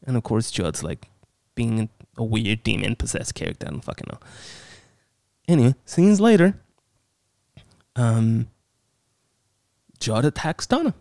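A man's voice: medium pitch, animated, measured pace, gravelly, pauses often, darkish tone, no echo, clean studio sound. A man recapping a horror film in a casual, sarcastic, exasperated way, swearing often.

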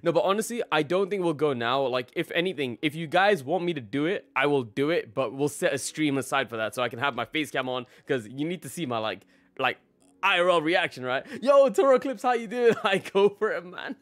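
A man's voice: fairly high pitch, expressive, a little fast, no room sound. A young man live-streaming a game, casually greeting his chat by name and laughing often.

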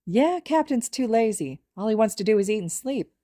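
A woman's voice: on the high side, animated, normal speed, warm tone, dry recording, clean studio sound, voice pushed up. A woman reading the part of a cheerful adult woman teacher who speaks in a breezy, amused way.

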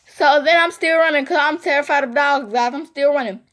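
Speaking straight to her audience, a woman vlogger tells a loose, rambling storytime in a high voice at a slightly quick pace. She's animated and keeps repeating phrases to stress her points.

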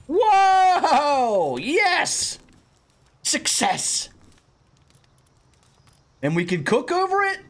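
Young male gamer, high animated voice, unhurried but prone to sudden shouting, jokey commentator. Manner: excitable, jokey, bursts into shouting. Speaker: gaming YouTuber playing a creature-catching game. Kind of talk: excited let's-play commentary.

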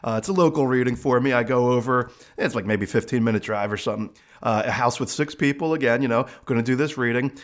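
A man's voice: medium pitch, fast. A middle-aged man, a psychic medium, casually telling funny stories from his work, laughing often and acting out the voices of people and pets. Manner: animated, laughing, acts out quoted voices. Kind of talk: casual storytelling monologue.

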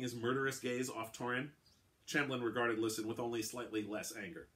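A man's voice: lowish voice, brisk, a bit bright. A man reading his own novel aloud, narrating plainly between voiced dialogue. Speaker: author.

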